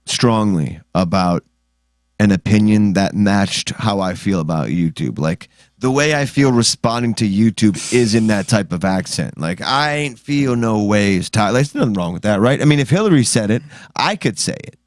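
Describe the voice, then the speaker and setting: A man's voice: on the low side, normal speed, no room sound, clean studio sound. Man cracking profane jokes on a podcast. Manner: profane, joking, energetic banter. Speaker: podcast co-host. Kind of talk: casual podcast chat.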